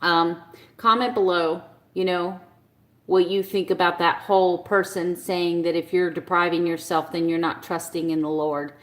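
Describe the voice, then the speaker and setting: A woman's voice: on the low side, fairly even intonation, moderate pace, fairly bright tone. A woman, ranting passionately and bluntly as she talks to her viewers on a casual live stream. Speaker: keto vlogger on a live stream. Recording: echoey room.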